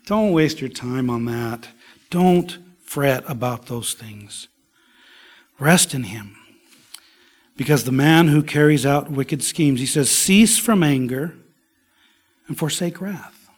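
A man preaching a sermon in a slow, emphatic way, dropping at times to a soft whisper. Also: mid-range voice. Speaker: pastor.

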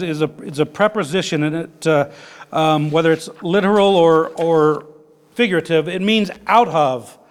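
Guy preaching, kinda folksy and chatty, voice a bit high, big hall echo. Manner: conversational preaching with restarts, folksy phrasing. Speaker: pastor. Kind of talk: sermon. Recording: long hall reverb.

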